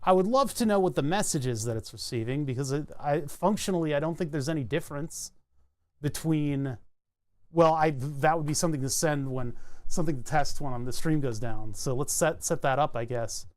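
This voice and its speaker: A man streaming live, thinking aloud in a halting, self-interrupting way as he works through a technical problem. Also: fairly high pitch. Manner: muttering, halting, self-interrupting while debugging.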